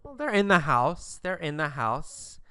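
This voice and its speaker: A man's voice: fairly high pitch, clear, resonant tone, no room sound. A man teaching an English lesson through questions and answers about a story, speaking emphatically. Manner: slow, emphatic teacher delivery with lively intonation.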